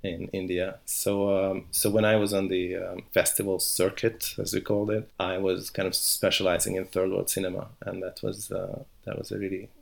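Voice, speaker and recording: A man's voice: deep voice, level tone, normal speed, gravelly, hardly any pauses. A middle-aged man, a philosopher, talking as a podcast guest with many restarts and hesitations. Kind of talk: podcast interview.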